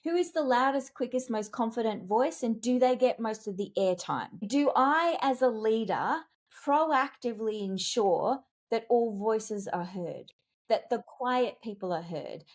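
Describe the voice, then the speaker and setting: Animated woman coach, slightly high voice. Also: a little slow. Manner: animated, emphatic storytelling with wide pitch jumps. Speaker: guest, communications expert; executive coach. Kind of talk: podcast interview.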